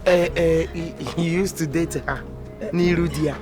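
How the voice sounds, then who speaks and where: An excitable Nigerian man, as an actor plays him, fairly high voiced, bouncing between English, Pidgin and Igbo. Music plays clearly beneath him. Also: moderate pace, close to an everyday voice. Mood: excited. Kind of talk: Nollywood film acting. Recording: film audio with music under.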